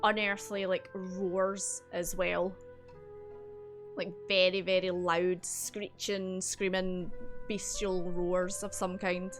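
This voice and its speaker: A woman's voice: lowish voice, little pitch movement, slow pace, music in the background. Chatty woman game master. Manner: chatty, laughing, lots of fillers. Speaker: dungeon master. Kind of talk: narrating a tabletop game on a livestream.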